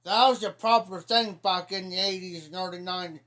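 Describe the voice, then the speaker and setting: A man's voice: high-pitched, fairly even intonation, a little fast, pushed and bright. A middle-aged man from Ohio telling rambling folksy stories on a casual livestream, repeating "I said" as he goes. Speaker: livestream host. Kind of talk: casual storytelling chat.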